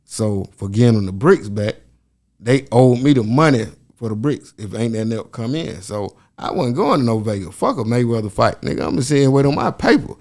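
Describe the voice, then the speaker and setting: A man speaking as a podcast guest, telling a story in a profane, animated way and acting out other people's voices. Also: mid-range voice, a little fast. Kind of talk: casual storytelling.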